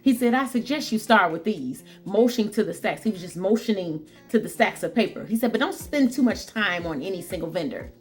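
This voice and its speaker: Her mid-range voice animated and fairly quick, a woman vlogger barely pauses while telling viewers a story from work. She chats casually to camera, repeating lines for emphasis and saying "guys" and "y'all." Soft music plays underneath.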